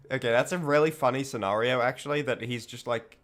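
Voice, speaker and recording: A man's voice: medium pitch, fairly bright tone. A man with a groggy morning voice streaming a game, rambling and joking as he plays. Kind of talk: casual gameplay commentary. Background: game music.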